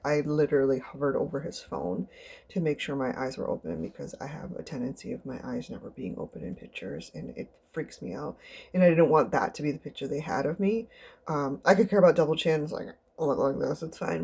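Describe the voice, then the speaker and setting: A young woman telling a rambling, chatty story for her vlog, often jumping into high squeaky voices to act out other people. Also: gravelly, a little mellow, slight background noise. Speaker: vlogger.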